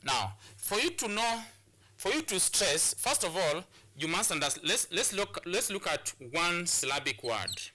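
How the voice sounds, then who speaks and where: A Kenyan man teaches an English lesson in a very bright, somewhat high voice. He explains patiently, repeating phrases and restarting sentences. He often asks the class a question and then answers it himself. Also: big pitch swings, measured pace. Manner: repetitive explanations, frequent restarts and rhetorical questions. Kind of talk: classroom lesson on stress and syllables.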